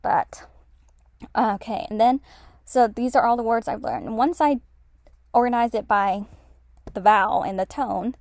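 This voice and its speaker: A woman's voice: fairly high pitch, lively intonation, unhurried, gravelly, long pauses, darkish tone, no echo, studio quality. A woman casually walking through her language-study spreadsheet, rambling with many fillers and self-corrections. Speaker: language learner explaining her notes. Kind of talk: casual screen-share lesson.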